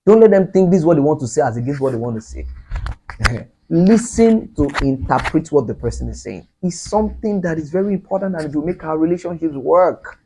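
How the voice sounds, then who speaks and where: A man's voice: a little high, lively intonation, fairly quick, dark tone, a little hiss or hum. A male pastor answering audience questions in an earnest, repetitive teaching style, laughing now and then. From Nigeria.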